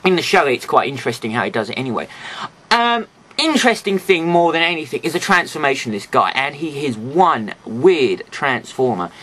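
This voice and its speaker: A man's voice: a little high, very animated, brisk, fairly bright tone, breathy edge. A man with a slightly stuffy, nasal voice, chatting casually through a toy review with rambling, jokey asides.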